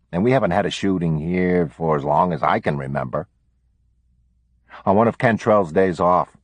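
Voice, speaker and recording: Deep, husky man reading aloud. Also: dry recording. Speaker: podcast host.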